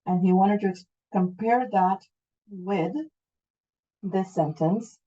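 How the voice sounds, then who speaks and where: A woman's voice: mid-range voice, takes it slowly, warm tone, muffled recording. A middle-aged woman with a Canadian accent, teaching an online English class, explaining patiently and checking that students follow.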